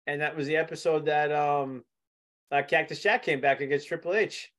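A man's voice: on the high side, fairly even intonation, normal speed, a bit bright. A man co-hosting a podcast, chatty and rambling in casual talk, laughing often. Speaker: podcast co-host. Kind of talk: casual chat.

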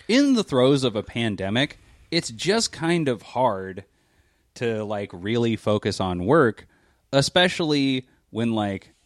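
A man's voice: medium pitch, very animated, slow, no room sound, studio quality. Joking man chatting from home. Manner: joking, rambling, laughs often. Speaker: podcast co-host. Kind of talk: casual chat.

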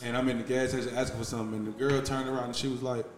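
A laid-back man, chatting casually at a middle pitch. The room sounds echoey, and clear music plays underneath. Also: little pitch movement, very fast. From Mobile, Alabama. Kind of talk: casual group chat.

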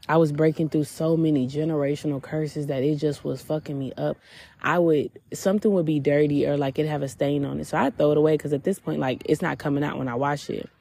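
Woman podcaster, gravelly husky voice, candid personal testimony. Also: sits low, warm tone. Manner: candid and reflective, with drawn-out pauses. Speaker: podcast host. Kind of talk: personal faith testimony monologue.

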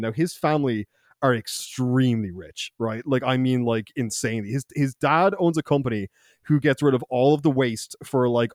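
A man's voice: mid-range voice, no echo, studio quality. A young Irish man, a podcast co-host, telling a loose, profane anecdote in casual chat, laughing and acting out quotes. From Ireland.

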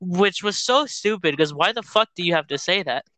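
A man's voice: high voice, expressive, normal speed, sharp tone, dry recording, rough recording. A young man chatting casually while gaming, laughing often and swearing as he tells stories and acts out other people's voices.

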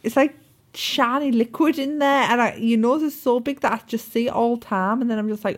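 A woman's voice: on the high side, fairly quick. A young woman co-hosting a podcast in casual, blunt, teasing and sweary chat. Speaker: podcast co-host.

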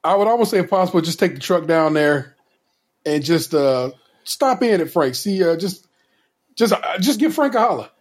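A podcast host with a notably high voice for a man. He talks in easy, casual chat. He stumbles and repeats himself as he gives folksy advice. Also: expressive, moderate pace.

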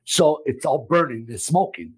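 Emphatic husky restaurant owner, man. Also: on the high side, normal speed. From Italy. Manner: emphatic, repetitive, loud and expressive. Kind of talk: animated interview talk.

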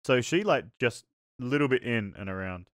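A man's voice: mid-range voice, lively intonation, normal speed, fairly bright tone, dry recording, clean studio sound. A young man, a podcast co-host, joking crudely in casual banter.

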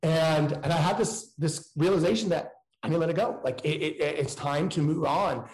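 A man's voice: fairly high pitch, normal speed, a little mellow, roomy sound, rough recording. A man speaking candidly in a casual, slangy way, with frequent restarts. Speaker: guest entrepreneur.

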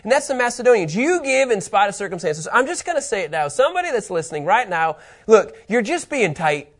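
A middle-aged man giving a casual Bible teaching, animated and quick to laugh, rambling with fillers. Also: high voice.

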